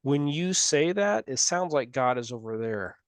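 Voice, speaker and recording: A man's voice: medium pitch, animated, measured pace, no echo. Earnest man leading a study group. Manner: earnest, careful, self-correcting. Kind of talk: casual group discussion.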